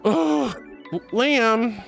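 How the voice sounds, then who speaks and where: A woman's voice: a little high, drawn-out words, gravelly, soft background music. A woman streamer chatting casually with viewers, playful and dramatic, calling them honey and sweetie. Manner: playful and dramatic, often laughing. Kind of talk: casual livestream chat.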